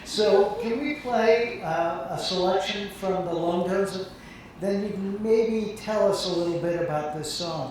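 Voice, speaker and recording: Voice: medium pitch, unhurried, darkish tone. A moderator hosting a public talk in a lecture hall, opening the questions in a teasing, joking way. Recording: echoey room, mic far off, faint ambient noise.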